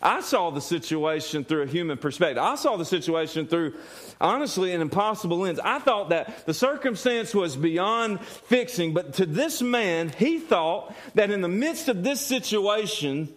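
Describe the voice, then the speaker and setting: A man's voice: high-pitched, animated, normal speed. A male pastor preaching a sermon earnestly, often repeating words and putting questions to the congregation.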